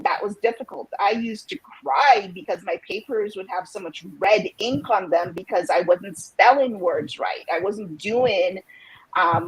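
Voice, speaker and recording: A woman panelist from a Jamaican family with a husky voice. She speaks in a reflective, measured way. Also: mid-range voice, low-quality recording. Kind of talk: casual panel discussion.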